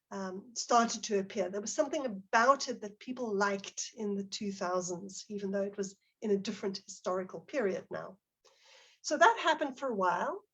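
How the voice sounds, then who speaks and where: A woman's voice: medium pitch, a bit bright, breathy edge. A middle-aged woman presenting a teacher-training webinar, explaining examples and reading out participants' chat comments.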